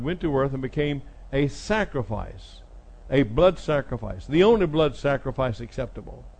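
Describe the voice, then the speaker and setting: A middle-aged man preaching a sermon, retelling scripture dramatically and voicing the people in it. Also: a little high. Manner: dramatic retelling, acting out speakers with sudden loud jumps.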